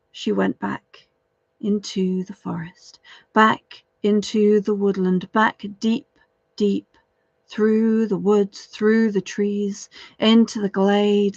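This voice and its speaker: A woman's voice: mid-range voice, vocal fry, a little mellow, no room sound. A woman storyteller telling a folk tale aloud, dramatic and lingering over repeated phrases. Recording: dull, dry lo-fi recording.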